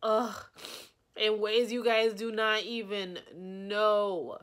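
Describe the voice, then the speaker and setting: A woman's voice: medium pitch, little pitch movement, slow, a bit bright, echoey room, recorded from a distance. A young woman vlogging in a casual, chatty and dramatic way, talking straight to her viewers. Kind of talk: casual vlog chat.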